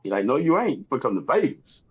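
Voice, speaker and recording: A man from Texas with a Texan accent, a comedian guest telling animated stories in casual chat and acting out other people's lines. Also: mid-range voice, fast talker, slightly rough, muffled recording.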